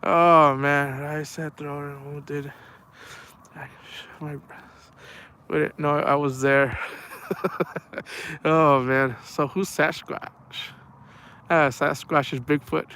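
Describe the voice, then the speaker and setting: A man's voice: a little high, level tone, slow pace, long pauses, pushed and bright. A man chatting casually on a live stream while night fishing, rambling through stories and calling listeners man and bro. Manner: rambling, storytelling, says man and bro a lot. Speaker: outdoors streamer. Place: outdoors at night near water.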